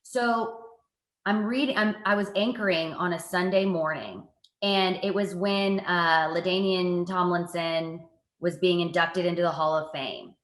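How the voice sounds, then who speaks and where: A woman, a TV reporter, telling stories from her work in a casual interview, lively and self-mocking. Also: lowish voice, measured pace, echoey room. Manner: lively, animated storytelling with self-mocking asides. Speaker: guest, TV reporter and anchor.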